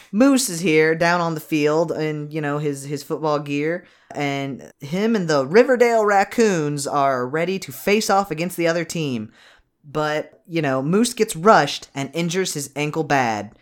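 A man co-hosting a podcast, recapping a movie in rambling, profane casual chat. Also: fairly high pitch. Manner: rambling, profane, animated, quick bursts.

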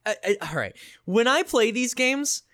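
A man with a high, wide-ranging voice co-hosts a casual gaming podcast. His tone is smooth and clear, and he swears freely as he recaps scenes and acts out the characters' lines. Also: sing-song, normal speed, a bit bright. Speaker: podcast co-host.

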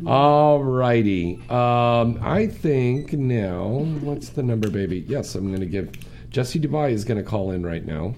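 A man's voice: medium pitch, animated, a little slow, darkish tone, a little hiss or hum. A man hosting a radio show, joking, teasing and bantering crudely with callers. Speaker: radio host.

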